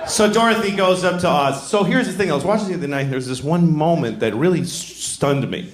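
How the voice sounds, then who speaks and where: A middle-aged man doing a stand-up comedy set in a large venue, talking in an animated way and acting out voices. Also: brisk. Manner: animated, acts out voices with big jumps in pitch. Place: large venue with a live audience. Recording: roomy live hall with crowd noise. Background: audience laughter.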